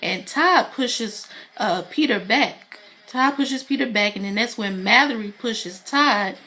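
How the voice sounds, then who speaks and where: A woman's voice: fairly high pitch, slow pace, bright, forceful tone. A woman giving a casual spoken recap of a reality TV episode, retelling scenes in a chatty way with many fillers. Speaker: TV reality show reviewer.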